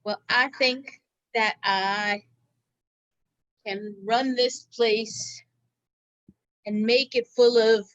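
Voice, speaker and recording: A woman's voice: a little high, steady tone, drawn-out words, pauses often, fairly bright tone, dull audio. A woman playing a teasing, bossy lounge manager in an online improv comedy scene.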